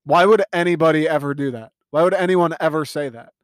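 A young man talks into a close mic in a dry, dead room, ranting in a casual solo podcast. His voice sits a bit high, and he swears freely and rambles with open disbelief. Laughter keeps breaking through his talk. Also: brisk, no room sound. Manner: profane, incredulous, rambling, laughs often. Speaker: podcast host.

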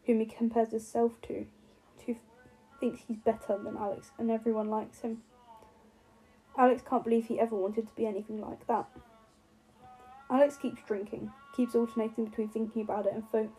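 Woman narrator reading a novel, husky and mellow, slight stumbles. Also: a little high, rough recording. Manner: stumbles and restarts words now and then. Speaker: audiobook narrator.

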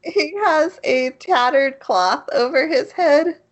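A woman's voice: high voice, slow pace. A woman co-hosting a podcast in casual chat, recapping plots and laughing often. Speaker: podcast co-host.

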